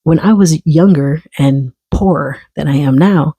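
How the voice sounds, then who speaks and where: A man spins a casual story straight to the camera, swearing freely and loosely animated. His voice sits in a gravelly, husky register with a warm, mellow tone. The sound is dry and close, with no room around it. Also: on the high side, measured pace, dry recording. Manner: profane, candid and animated. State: early on testosterone. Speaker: vlogger.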